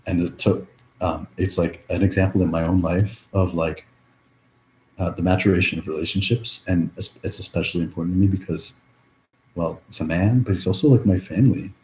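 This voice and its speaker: A man's voice: deep voice, darkish tone, a little hiss or hum. A young man in a reflective personal monologue, rambling through many fillers and swearing freely. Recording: echoey room.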